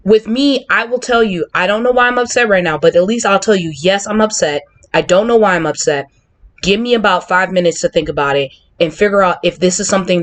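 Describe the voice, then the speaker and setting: This woman hosts a casual conversation and speaks candidly about her own views. She is chatty and opinionated, and her voice sits at a mid pitch. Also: fairly quick. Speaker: podcast host.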